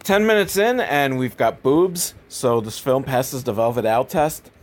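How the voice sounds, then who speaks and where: A man's voice: medium pitch, a little slow. A man giving casual, rambling, self-deprecating commentary on a movie he is watching. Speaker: movie review host.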